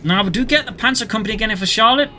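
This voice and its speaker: A man's voice: high voice, racing, sharp tone. A man commenting a strategy game replay play by play, adding history asides. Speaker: game caster. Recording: game sounds and engine noise behind the voice. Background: in-game battle sounds and vehicles.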